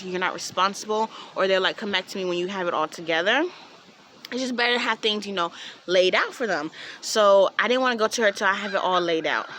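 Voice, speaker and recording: Bright-voiced young woman telling a story. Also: mid-range voice, slight background noise. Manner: chatty, acts out quoted voices, frequent "like" and "um". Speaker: vlogger. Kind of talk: casual storytime vlog.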